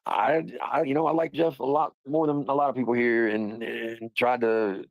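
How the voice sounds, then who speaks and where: A man's voice: medium pitch, flat delivery, moderate pace, no echo, highs cut off. A man hosting a livestream, talking in a rambling, profane, casual way and laughing often. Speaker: livestream host.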